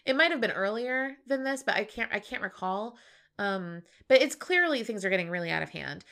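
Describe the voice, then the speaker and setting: Podcast co-host, woman, lively up-and-down voice, giggly, swears freely. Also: medium pitch, brisk. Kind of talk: casual TV recap chat.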